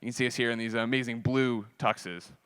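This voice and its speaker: Man, 30s, onstage storyteller, acts out others' lines, bright, dry close sound. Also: medium pitch, fairly quick, smooth, no room sound. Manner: animated, profane, acts out other people's lines. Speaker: speaker telling his story on stage. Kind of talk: storytelling talk to a convention audience.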